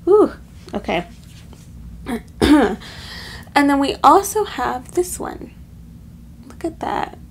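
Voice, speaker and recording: A woman's voice: sits high, sing-song, drawn-out words, long pauses, slight background noise. A woman giving a heartfelt tarot card reading, slightly choked up with emotion and calling her viewers her loves. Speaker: tarot reader.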